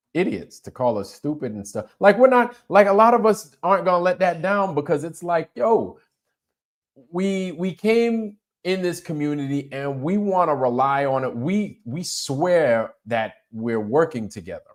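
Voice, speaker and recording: A man hosting a casual livestream, talking in an animated way, swearing freely and leaning on filler phrases. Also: mid-range voice. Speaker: livestream host.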